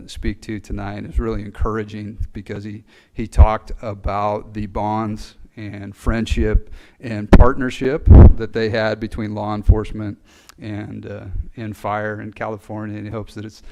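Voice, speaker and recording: A man giving a graduation address for fire recruits, earnest and halting, with many fillers, speaking into a podium mic. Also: fairly low pitch, completely flat delivery, creaky, mellow, low-quality recording. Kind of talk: ceremonial speech. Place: ceremony hall.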